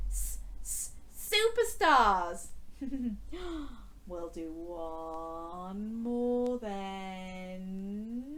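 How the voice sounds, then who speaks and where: A woman teaching a phonics lesson to young children, animated and sing-song, with exaggerated gasps of surprise and drawn-out letter sounds. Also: medium pitch.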